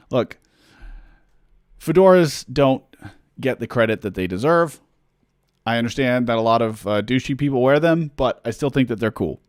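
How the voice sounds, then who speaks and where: A man's voice: medium pitch, expressive, normal speed, pauses often, a little mellow, dry recording, studio quality. Rambling man chatting on a livestream. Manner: rambling, filler-heavy, self-deprecating humor. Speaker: musician answering fan questions. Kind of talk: casual livestream chat.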